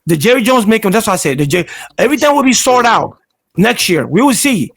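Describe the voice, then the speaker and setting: A man co-hosting a casual sports debate, talking in an animated, rambling way with frequent restarts. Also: high-pitched, brisk, vocal fry, breathy edge. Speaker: sports talk host.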